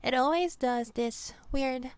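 A giggly young vampire girlfriend, played by a woman in an audio role-play, clinging and teasing her partner. Her voice sits a little high and she talks slowly, lingering over her words. The sound is dry and close. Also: smooth, dry recording. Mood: playful.

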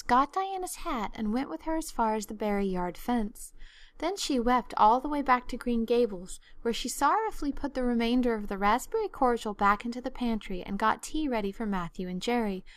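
A woman narrating a classic novel in an expressive storytelling way. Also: on the high side, no echo. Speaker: audiobook narrator.

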